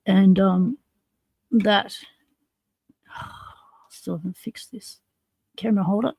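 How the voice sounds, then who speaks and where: A woman's voice: medium pitch, steady tone, takes it slowly, gravelly, dark tone, breathy edge, no echo. A woman hosting a casual livestream, chatting in a rambling way and laughing often. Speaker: livestream host.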